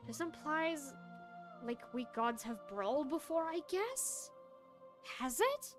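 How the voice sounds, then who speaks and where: A woman's voice: sits high, very animated, slow pace. Emotional young woman streaming a game. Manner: emotional, reads game text aloud. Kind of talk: casual let's-play commentary. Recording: game music behind.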